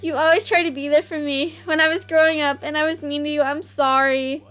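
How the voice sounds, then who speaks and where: A woman's voice: sits high, fairly even intonation, fairly quick, fairly bright tone, soft background music. A woman voicing a tearful young son.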